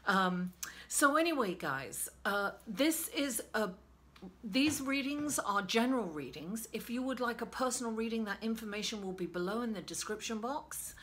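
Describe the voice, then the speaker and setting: A woman with a raspy voice, hoarse from being ill, giving a chatty tarot reading and calling her listeners darling. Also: on the high side, animated, moderate pace, a bit bright. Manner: chatty, calls listeners darling and guys, many fillers. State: hoarse from illness. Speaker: tarot reader. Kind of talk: casual tarot reading monologue.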